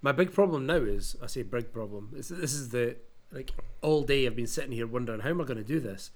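A man's voice: mid-range voice, animated, quick pace, darkish tone. Scottish man, ill and rambling. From Scotland. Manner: self-mocking, rambling with restarts. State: ill with covid. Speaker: podcast co-host. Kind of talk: casual chat.

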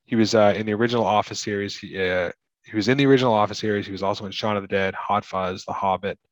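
An American man co-hosting a casual film discussion, chatty, often restarting and clearing his throat. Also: fairly low pitch, steady tone, rapid-fire, dry recording, rough recording. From United States. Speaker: podcast co-host.

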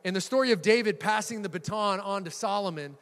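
A man's voice: high voice, brisk, in a large hall. A middle-aged male pastor preaching a sermon, telling stories with humor and sudden bursts of emphasis. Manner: lively storytelling with laughs and bursts of emphasis.

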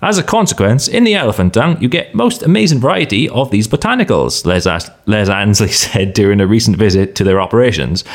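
A man's voice: fairly low pitch, animated, fairly quick, hardly any pauses. A British man hosting a casual podcast, reading odd news stories aloud, laughing and correcting himself as he goes. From United Kingdom.

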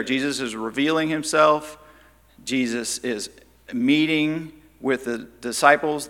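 A man leads a Bible study, retelling the story in a conversational way and briefly voicing the quoted lines. His voice is bright and forceful, and a long hall reverb trails after it. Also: medium pitch. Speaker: Bible teacher.

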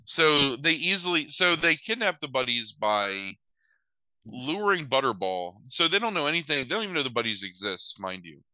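A man's voice: mid-range voice, sing-song, moderate pace, pushed and bright, no echo, rough recording. A man recapping a movie in a loose, sarcastic chat, swearing casually and using many filler words.

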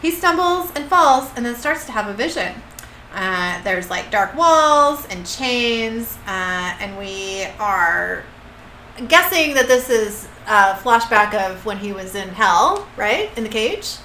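A woman's voice: mid-range voice, very animated, slow, sharp tone. A woman co-hosting a podcast who reads out an episode recap in casual chat, with many fillers and asides. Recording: echoey room with faint hiss.

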